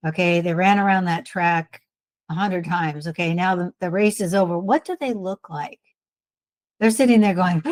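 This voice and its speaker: Encouraging woman podcast co-host, low voice. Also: dry recording. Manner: warm coaching, encouraging, plain-spoken. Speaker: podcast co-host, respiratory therapist. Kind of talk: casual advice chat.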